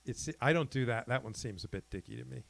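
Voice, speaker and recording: A man co-hosting a casual podcast chat, talking in a chatty, halting way and acting out little quotes. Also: medium pitch, creaky, a bit bright, no room sound. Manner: chatty, hesitant, with frequent restarts and acted-out quotes. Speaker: podcast co-host.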